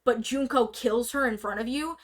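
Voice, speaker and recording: Chatty woman, stream guest, slightly high pitch, filler-heavy run-on delivery with sudden speed-ups. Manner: rambling, filler-heavy, bursts of rapid talk. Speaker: stream guest presenting slides. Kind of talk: casual explaining to a streamer. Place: streaming setup indoors.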